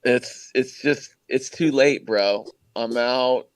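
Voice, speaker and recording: A man's voice: medium pitch, takes it slowly, no room sound. A man in casual chat, laid-back and joking with friends.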